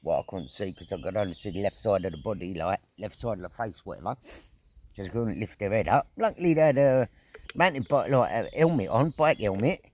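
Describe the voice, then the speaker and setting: A middle-aged man vlogging outdoors at an evening camp, telling a story in a casual, animated way, full of slang, swearing and sound effects. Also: fairly low pitch, a little fast, a little hiss or hum.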